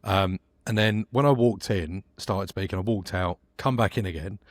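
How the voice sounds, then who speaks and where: Animated British man telling a story. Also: low voice, moderate pace, no echo. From Britain. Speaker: podcast co-host. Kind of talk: storytelling in casual chat.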